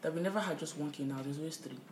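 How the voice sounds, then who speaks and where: A young woman co-hosting a podcast in casual chat, telling animated stories and acting out the people she quotes. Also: low voice, very fast, a little hiss or hum. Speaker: podcast co-host. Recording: roomy echo.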